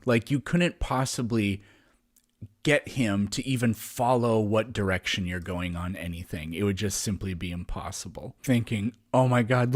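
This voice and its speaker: A man co-hosting a podcast, chatting casually and with amusement, often trailing off and restarting his sentences. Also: lowish voice. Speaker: podcast co-host. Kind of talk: casual chat.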